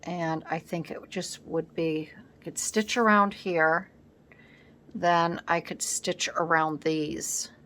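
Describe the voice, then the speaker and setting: Slow, low-voiced woman crafting at home. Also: steady tone, a bit bright. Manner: unhurried, thinking aloud while she works. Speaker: scrapbooking vlogger. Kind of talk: casual crafting tutorial. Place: home craft table, indoors. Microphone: camera set up on the work table.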